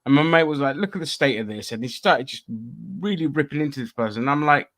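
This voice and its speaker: A man's voice: a little high, animated, fast talker, a bit bright. A man hosting a casual podcast chat, loose and sweary, with lots of restarts and fillers. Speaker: podcast host.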